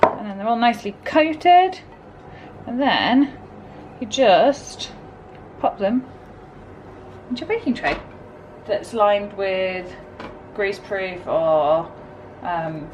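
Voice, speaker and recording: A woman's voice: mid-range voice, takes it slowly, pauses often, slight background noise, poor audio. A woman, chatting casually through a home baking vlog, self-deprecating and easygoing. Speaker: vlogger. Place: home kitchen.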